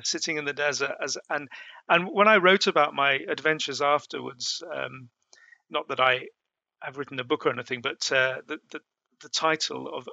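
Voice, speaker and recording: A middle-aged man recalls his past journeys for an interviewer. His voice is bright and gravelly, with many fillers and restarts. The sound is close and dry. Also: mid-range voice, dry recording. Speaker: interview guest. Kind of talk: storytelling in a conversation.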